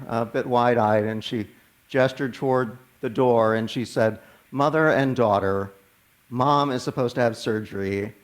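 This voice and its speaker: A man, a minister telling a personal story in a sermon in a conversational way, often restarting words. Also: medium pitch. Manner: conversational, animated when quoting others, frequent stammered restarts.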